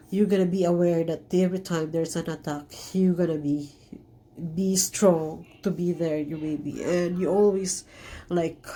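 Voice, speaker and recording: A woman vlogger telling a personal story in an earnest, emotional way, halting often with fillers and restarts. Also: lowish voice, dark tone, a little hiss or hum.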